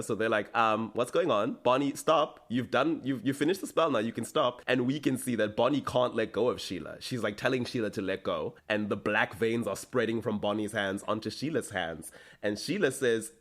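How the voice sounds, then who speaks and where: Male co-host, mid-pitched, casual recap chat; breaks into quick character impressions. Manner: animated, acts out characters' lines in quick impressions. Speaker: podcast co-host.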